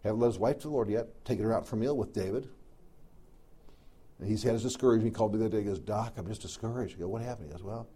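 Husky, mellow-voiced preacher man. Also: on the low side, racing. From American South. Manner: folksy, animated anecdotes with quoted dialogue. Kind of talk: storytelling sermon.

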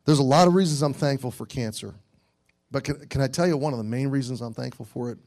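Gravelly earnest middle-aged preacher man. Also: medium pitch, quick pace. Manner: earnest, shifts from loud exhortation to hushed storytelling. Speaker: youth pastor. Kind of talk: sermon.

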